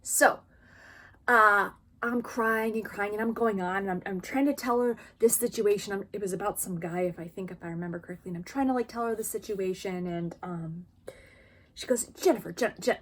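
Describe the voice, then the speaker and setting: A woman's voice: medium pitch, moderate pace, fairly bright tone. A woman vlogger talking frankly and expressively to camera about her own experience, in a casual personal style. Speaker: vlogger sharing lived experience.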